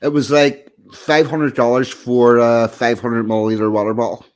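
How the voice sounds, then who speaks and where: A man's voice: mid-range voice, level tone, normal speed, clean tone. A man co-hosting a casual stream chat, explaining things with a dry, joking manner. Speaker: stream co-host.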